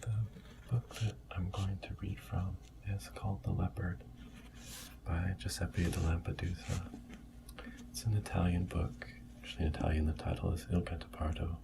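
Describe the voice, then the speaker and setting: A man reads a book aloud in a soft-spoken ASMR style, keeping his voice hushed and often close to a whisper. His tone sits low with a gravelly edge and barely rises or falls. A steady hiss runs underneath the recording. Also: moderate pace. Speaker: ASMR storyteller.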